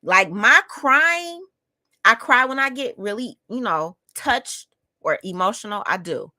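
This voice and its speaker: Lively, outspoken woman telling a story. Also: mid-range voice, moderate pace, no echo, studio quality. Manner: emphatic, addresses listeners directly; outspoken and heated. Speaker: podcast host. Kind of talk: personal storytelling monologue.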